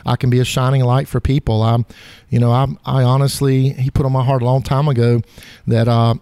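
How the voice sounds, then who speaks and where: A middle-aged man with a Southern drawl talks as a guest in a casual interview, folksy and self-deprecating. His voice is mellow and dark in tone. The recording is dry and close. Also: mid-range voice, gravelly, dry recording. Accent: Southern American. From South Carolina. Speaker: guest author.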